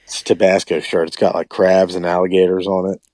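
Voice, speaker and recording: A man's voice: sits low, monotone, fairly quick, darkish tone, no room sound. A man, a musician guest on a podcast, chatting in a laid-back, agreeable way. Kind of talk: casual chat.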